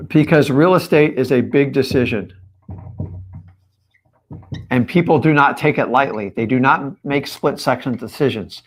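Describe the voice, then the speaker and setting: A man's voice: mid-range voice, measured pace, long pauses, music in the background. A man coaching his viewers on a live stream, talking straight at them in an emphatic, direct way. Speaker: real estate coach.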